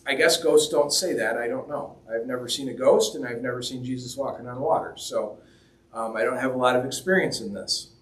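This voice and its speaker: In a church hall, a man with a mid-range voice preaches at a fairly quick clip, keeping his sermon conversational and full of jokes while acting out the lines he quotes. The mic sits at a distance, so the room's echo comes through clearly.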